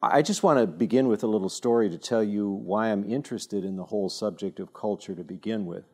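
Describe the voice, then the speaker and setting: A man giving an informal talk at a church evening, telling stories with self-deprecating humor and frequent halting restarts. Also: lowish voice, darkish tone, breathy edge. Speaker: speaker at a church teaching evening.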